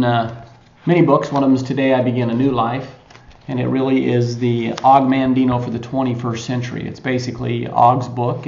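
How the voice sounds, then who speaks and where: A man hosting a motivational podcast, retelling a story in a conversational way with frequent pauses. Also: medium pitch, creaky, a little mellow. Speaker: podcast host. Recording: echoey lo-fi recording.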